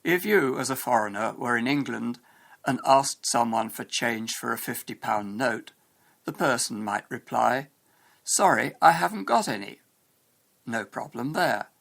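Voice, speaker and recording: Guy with a bit of fry in his voice reading a language lesson, calm and measured, mid pitch. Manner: measured, explanatory. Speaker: English teacher. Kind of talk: scripted educational narration.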